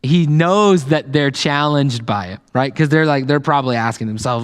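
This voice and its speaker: A man's voice: mid-range voice, moderate pace, hardly any pauses, smooth, long reverb tail. A man preaching a sermon, reading scripture and explaining it casually, with fillers and growing passion. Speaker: pastor. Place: church sanctuary.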